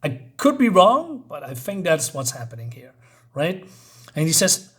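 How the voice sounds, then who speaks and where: A man giving a casual comic book review, retelling the story in a halting way with many fillers. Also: a little high, sing-song, fairly bright tone.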